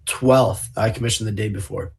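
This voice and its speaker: Laid-back gravelly young man. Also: lowish voice, steady tone, normal speed. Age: young adult. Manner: laid-back, short replies. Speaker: podcast co-host. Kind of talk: casual chat.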